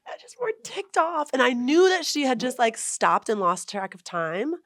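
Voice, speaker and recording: A young adult woman telling a hiking story in a casual interview, animated and acting out what people said. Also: fairly high pitch, moderate pace, dry recording, clean studio sound. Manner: animated, retells arguments with lively quoted voices. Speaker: guest, long-distance hiker.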